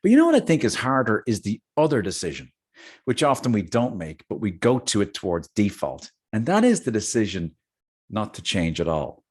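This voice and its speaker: A man's voice: lowish voice, moderate pace, slightly rough. A middle-aged man hosting a casual talk, telling a personal story with jokey asides. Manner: animated, jokey asides, chatty. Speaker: host.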